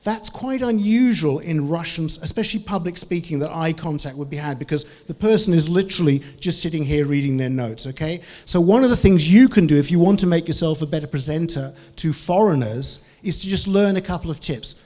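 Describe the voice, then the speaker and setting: A man giving a lively conference talk to a Russian audience, varying his tone and tempo a lot. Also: fairly high pitch, fairly quick, few pauses. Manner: animated, varies tone and tempo. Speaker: conference speaker on English for Russians.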